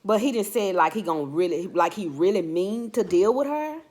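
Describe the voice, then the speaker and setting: A woman's voice: mid-range voice, normal speed. A woman vlogger telling a personal story in casual, emphatic talk, addressing her listeners directly. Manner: emphatic, animated, talks straight to listeners.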